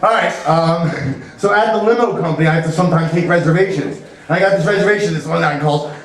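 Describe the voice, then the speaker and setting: A high-pitched male comedian works through a rambling stand-up set, full of "you know" asides. He sounds distant and bounces around a very echoey club. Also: fast talker.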